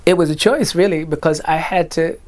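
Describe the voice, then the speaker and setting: A man's voice: on the high side, fairly quick. A middle-aged man, a guest in a candid interview, telling his life story and acting out the voices of family members. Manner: animated, acts out family voices and quotes.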